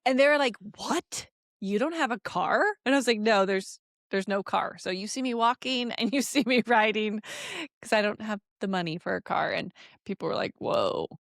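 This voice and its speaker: A podcast co-host in her forties tells a personal story in casual conversation, her medium-pitched voice fairly quick with some vocal fry. The studio sound is clean and echo-free, and she laughs often while acting out the voices of the people she quotes.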